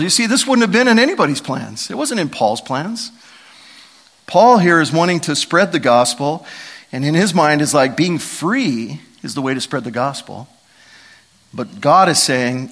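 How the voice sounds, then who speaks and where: A middle-aged man preaching a sermon, telling stories with animated, dramatic emphasis. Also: on the high side, moderate pace. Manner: animated, storytelling, lively emphasis and dramatic vocal swings. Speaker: pastor.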